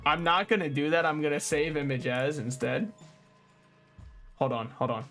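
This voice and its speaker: Animated young male streamer, high-pitched. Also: faint music behind. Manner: animated ranting, quick asides, frequent laughter. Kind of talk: casual gaming stream chat.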